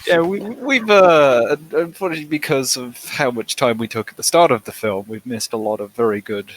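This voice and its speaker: A man's voice: mid-range voice, fast, low-quality recording. A man co-hosting a podcast, chatting casually with chuckling asides. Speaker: podcast co-host. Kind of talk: casual banter.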